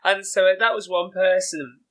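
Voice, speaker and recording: A man with a Liverpool Scouse accent, a podcast guest telling animated, chatty stories with lots of "you know" and "like". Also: sits high, unhurried, poor audio. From England. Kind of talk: casual anecdotal storytelling.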